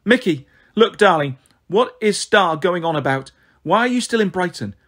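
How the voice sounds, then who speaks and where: A man's voice: high voice, lively intonation, normal speed, a bit bright, voice pushed up. A man voicing a distraught, unstable mother pleading on the phone, in an audiobook reading. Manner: pleading, emotional.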